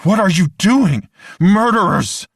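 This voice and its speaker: A man's voice: mid-range voice, fairly even intonation, moderate pace, dark tone, breathy edge, dry recording, clean studio sound, voice pushed up, close to an everyday voice. A man voicing a young college freshman woman, horrified and defiant, with raised, pleading cries. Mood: horrified shouting.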